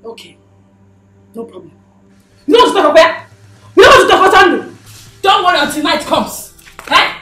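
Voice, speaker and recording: A sharp-tongued Nigerian young wife. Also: female voice, very high voice, sing-song, moderate pace, pauses often, reverberant, faint music behind, full character voice. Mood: scolding. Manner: combative, scolding. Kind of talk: Nollywood film acting.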